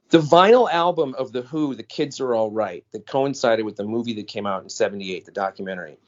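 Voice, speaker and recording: Podcast co-host, American man, lively storyteller, dull lo-fi sound. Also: medium pitch, brisk. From United States. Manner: animated storyteller, acts out quoted voices. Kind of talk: casual storytelling chat. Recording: dull lo-fi audio.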